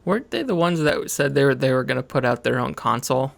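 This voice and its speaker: A man's voice: mid-range voice, lively intonation, quick pace, creaky. A man co-hosting a casual video game podcast, talking in a laid-back, wry way with hesitant fillers. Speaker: co-host.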